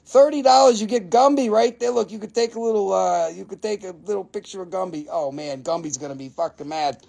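A man hosts a live stream sale in a joking, excitable way, swearing freely and laughing often. His voice sits high with a gravelly fry. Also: brisk. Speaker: host selling minerals. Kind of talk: live stream sales chat.

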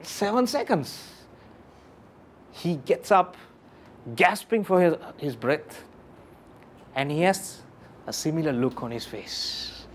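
A motivational speaker addresses a live audience in an animated, emphatic way. His pitch swings widely as he fires questions at the room and repeats his key phrases. Faint room ambience sits behind his voice. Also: takes it slowly, long pauses, slight background noise.

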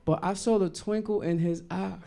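A man performing a stand-up comedy set on a live stage, talking in a loose, slangy way and acting out characters in quick quotes. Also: sits high, fairly even intonation, creaky, dark tone. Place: live venue stage with audience.

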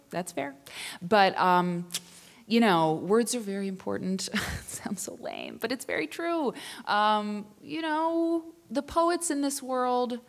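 Chatty woman performing poetry to students. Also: fairly low pitch. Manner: chatty, self-deprecating, expressive poetry reading. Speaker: writer and performer. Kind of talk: spoken word poetry and casual talk to students. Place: high school auditorium.

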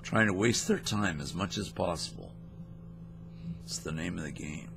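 A man's voice: low voice, animated, moderate pace, vocal fry, noisy background. A man hosting a scam-baiting video, playing a mock-naive caller with a rambling, playful manner. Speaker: host of a scam-baiting channel. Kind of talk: prank phone call and casual vlog talk.

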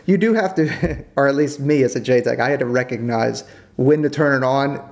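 Man jumping into high quoted voices. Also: fairly quick, creaky. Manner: animated, jumps up in pitch when quoting. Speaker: podcast co-host, former JTAC. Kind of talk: casual podcast chat.

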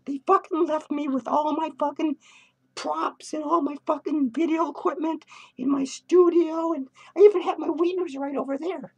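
An unhinged male clown, tipsy and hyper, delivers crude, profanity-laced rants from a home studio in a shrill voice pitched well above normal, bursting into cackles. This comedic character vlog is manic and jumps between thoughts, though his intonation stays fairly even, his pace normal, and his tone a little mellow.

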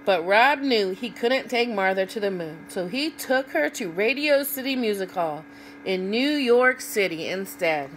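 A woman reads a picture book aloud to children at an unhurried pace. She pauses to ask her young listeners what they see in the pictures. A faint hum sits beneath her voice. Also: mid-range voice, expressive, a bit bright, rough recording. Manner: asks young listeners questions about the pictures. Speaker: children's read-aloud host.

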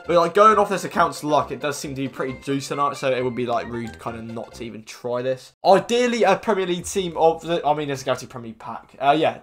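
A young man giving excitable, slangy commentary as he plays a game, with faint music behind. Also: on the high side. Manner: excitable, slangy, quick to exclaim. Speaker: gaming YouTuber. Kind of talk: casual commentary over gameplay.

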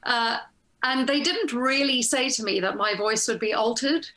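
A woman actress telling a casual story as an interview guest, animated and acting out the lines she quotes, over a video call. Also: on the high side, moderate pace. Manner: animated, laughs often, acts out quoted lines. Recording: roomy echo.

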